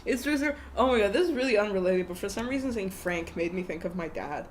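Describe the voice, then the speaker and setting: A woman's voice: medium pitch, lively intonation, quick pace, a little hiss or hum. A young woman co-hosting a podcast, in casual chat full of "like" fillers, giggles and swearing. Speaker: podcast co-host.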